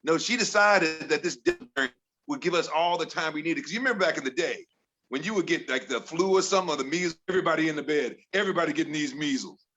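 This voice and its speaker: A middle-aged man from Chicago works through an exasperated stand-up set with a bright, forceful tone. His voice sits a touch high for a man, and he jumps into higher voices to mimic his family. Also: quick pace. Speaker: stand-up comedian. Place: comedy bar with audience.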